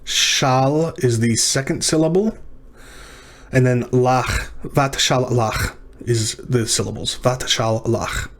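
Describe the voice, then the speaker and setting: In this recorded lecture, a male language teacher with a mid-range voice goes through practice exercises at a relaxed pace. Thinking out loud, he fixes minor mistakes and pronounces each word slowly, one syllable at a time.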